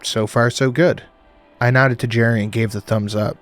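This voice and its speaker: A man's voice: mid-range voice, fairly even intonation, normal speed. Man narrating a horror story over music. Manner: dramatic, conversational first-person reading.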